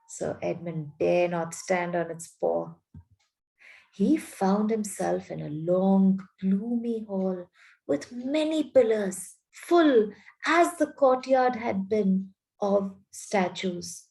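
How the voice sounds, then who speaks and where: Woman teacher, story reading with explanation, unhurried and mellow. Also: medium pitch, lively intonation, vocal fry, rough recording. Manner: slow, explanatory. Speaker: English teacher.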